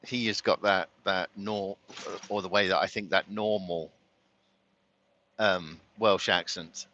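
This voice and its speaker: Rambly london guy chatting while he drives, lowish voice, kinda dull lo-fi audio. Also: steady tone, takes it slowly, bright, forceful tone. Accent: London English. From London, England. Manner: rambling, chatty, laughs often. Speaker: vlogger. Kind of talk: casual chat while driving.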